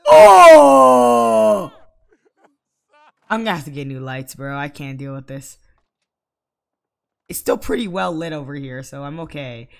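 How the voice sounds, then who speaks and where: A woman's voice: a bass voice, fairly even intonation, moderate pace, long pauses. A woman giving let's play commentary, scolding her game characters aloud in exasperation. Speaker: gaming channel host.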